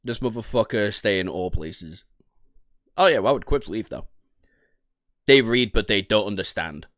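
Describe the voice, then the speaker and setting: A man from the North of England with a Northern English accent, casually chatting on a livestream. He swears freely, laughs often and jumps into high-pitched outbursts. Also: expressive, moderate pace, fairly bright tone, no echo, studio quality. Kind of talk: casual livestream chat, reading and reacting to chat.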